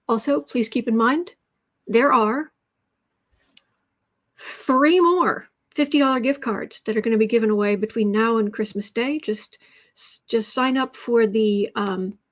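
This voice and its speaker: A chatty woman from the United States hosts a casual home livestream, wandering through asides as she talks. Her voice sits somewhat high for a woman. She speaks into a fixed mic set off to one side of the room. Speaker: tarot livestream host.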